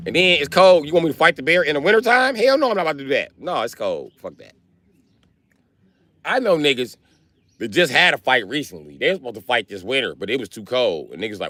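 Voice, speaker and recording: A man on a livestream rants in a rambling, profane comic monologue. His voice swings widely up and down in pitch as he tells the story. The sound is dry and close. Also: expressive, fast talker, fairly bright tone, dry recording. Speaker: livestream host. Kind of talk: comedic livestream rant.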